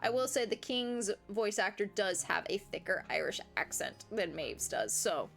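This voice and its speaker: A woman's voice: mid-range voice, moderate pace, creaky, soft background music. Chatty American woman reading a game aloud. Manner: chatty, giggly, reads game lines aloud with animated asides. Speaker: gaming streamer. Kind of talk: reading and commenting on a visual novel.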